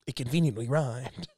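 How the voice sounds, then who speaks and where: High, swooping gamer guy joking around. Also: breathy edge, no room sound, clean studio sound. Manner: joking, crude rhyming banter, giggly. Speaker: gaming channel co-host. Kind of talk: casual let's-play commentary.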